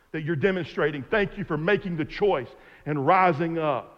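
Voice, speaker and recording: A man preaching a sermon from the pulpit, emphatic, repeating words and slowing down to stress key lines. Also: a little high, fairly bright tone, some chatter behind. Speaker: pastor. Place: church sanctuary. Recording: muffled long church reverb.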